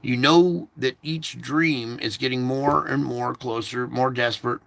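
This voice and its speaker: A man's voice: mid-range voice, steady tone, measured pace, vocal fry, fairly bright tone, no room sound. A man recounting a recurring dream in a rambling, repetitive casual monologue, stopping now and then to fiddle with his equipment.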